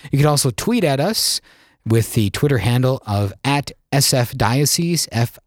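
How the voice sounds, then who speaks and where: A man's voice: mid-range voice, lively intonation, measured pace, dry recording, studio quality. A man from South Dakota, a priest co-hosting a podcast, chatting casually with wry, teasing humor. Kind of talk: casual chat.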